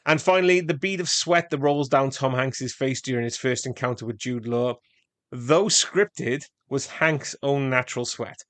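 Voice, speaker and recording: On a podcast he co-hosts, a man with a mid-range voice reads trivia aloud in a casual chat. He speaks at a normal speed, steady and matter-of-fact. The recording is dry and close-miked, with no room sound.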